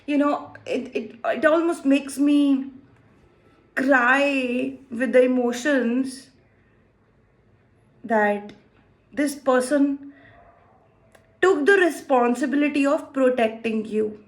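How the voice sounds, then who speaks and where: A woman's voice: sits high, slow, long pauses. A woman giving a tarot card reading to viewers, emotive and exclaiming as she thinks aloud. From India. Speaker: tarot reader.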